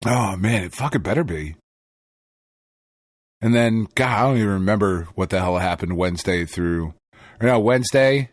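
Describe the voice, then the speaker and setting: A man's voice: lowish voice, normal speed, long pauses, dry recording, studio quality. A man, co-hosting a podcast, telling a story in casual chat with lots of swearing and laughter. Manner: profane, animated storytelling with laughter. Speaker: podcast co-host.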